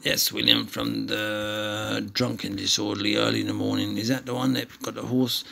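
A man chatting his way through a mobile game, playful and prone to tangents. His voice is deeply gravelly, with a bright, forceful edge, and sits a little low. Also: flat delivery, normal speed, rough recording. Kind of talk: rambling gameplay commentary.

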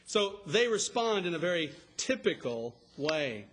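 A man preaching an expository sermon, emphatic and rising to a shout on key words. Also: fairly high pitch, big pitch swings, unhurried, slight background noise. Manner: expository, explains scripture line by line. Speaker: pastor.

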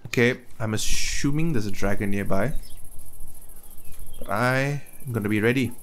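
At a medium pitch and normal speed, a young man with a slightly bright voice plays through a game as a let's play gamer. His commentary is casual and chatty; he's easily surprised and stammers when talking to characters on screen.

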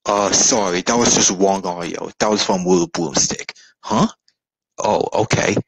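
Husky-voiced man in slangy comedy parody. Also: low-pitched, unhurried, no room sound, low-quality recording. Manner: slangy, joking delivery. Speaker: parody video voice actor. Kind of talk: comedic parody role-play.

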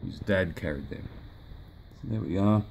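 A man with a lowish voice rambles through a casual toy review, offhand and easygoing, dropping fillers and the odd curse. He talks in a room indoors, with a faint hiss underneath. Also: moderate pace, creaky, darkish tone. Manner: rambling, offhand, swears at the sunlight. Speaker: toy collector reviewing a figure. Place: indoors by a sunny window.

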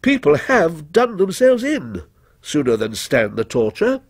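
A man voicing a brooding, mysterious male stranger who asks slow, probing, needling questions. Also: fairly high pitch, huge pitch swings, dry recording, voice pushed up, heavily acted. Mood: insinuating.

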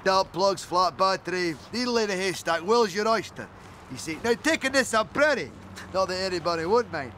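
A man's voice: high voice, lively intonation, moderate pace, sharp tone, slight background noise. A rambling breakdown cover salesman. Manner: rambling, pushy sales patter.

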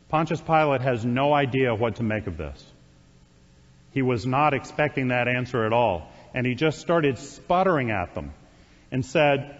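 A male priest delivers a sermon, retelling scripture like a storyteller and adding dry asides to his congregation. His voice sits at an ordinary pitch. It rings out in a church with a long reverb, captured on a dull, muffled recording. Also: animated, unhurried. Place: church sanctuary.

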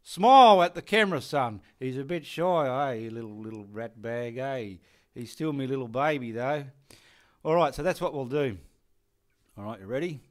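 Here the Australian painter speaks at a moderate pace in a mid-range voice, middle-aged and relaxed. Cursing often and joking around, he mumbles directions to himself while working behind the scenes.

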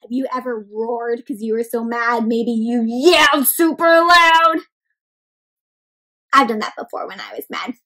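Casting: woman storyteller with a high voice, animated read-aloud for kids, full of gasps and questions to the children. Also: a little slow, low-quality recording. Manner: expressive, often gasps, asks kids questions.

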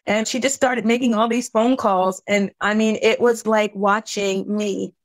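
A woman's voice: medium pitch, steady tone, no echo. Woman, middle-aged, earnest heartfelt storytelling, dry close mic. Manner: earnest, heartfelt, halting at painful moments. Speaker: podcast guest. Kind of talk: emotional personal storytelling.

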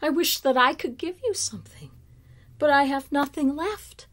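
A woman reading the lines of a gentle, loving old female apple tree, soft and tender, sometimes close to a whisper. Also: sits high, expressive, normal speed, pitched above the performer's own voice.

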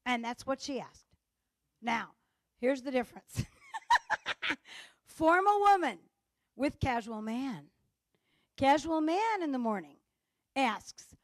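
High-voiced woman giving a lively lecture. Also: slow pace, long pauses, no echo, studio quality. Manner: acts out dialogue, playful comic timing. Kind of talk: conference talk. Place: conference stage.

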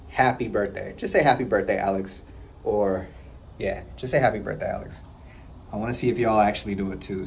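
A man's voice: fairly low pitch, a little mellow, slight background noise. A man of thirty with a stuffed-up, congested voice, talking casually and upbeat to camera in a slangy vlog. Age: 30s. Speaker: vlogger.

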